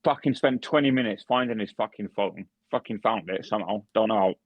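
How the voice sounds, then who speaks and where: A young man spins a long story over casual podcast chat, cursing constantly and tripping over his own restarts. His voice sits on the low side. The sound is dry and dull, like a lo-fi podcast mic. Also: fairly quick, no room sound. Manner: swears heavily, lots of restarts and fillers. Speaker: podcast co-host and barman.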